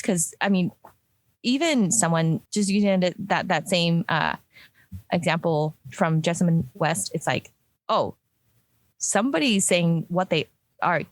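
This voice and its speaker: This product designer speaks in a lowish register, and the recording is dry. Chatting casually in a discussion, she keeps restarting sentences and leaning on filler words.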